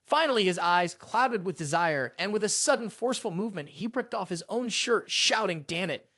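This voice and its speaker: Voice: mid-range voice, expressive, normal speed, fairly bright tone, no room sound, studio quality. A narrator telling a drama recap in a scripted storytelling style.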